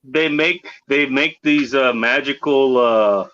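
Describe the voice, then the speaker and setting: A man's voice: medium pitch, takes it slowly, a bit bright. A man hosting a casual livestream, rambling and profane as he talks with a caller and his chat. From Pacific Northwest of the US. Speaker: livestream host. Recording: dull lo-fi stream audio.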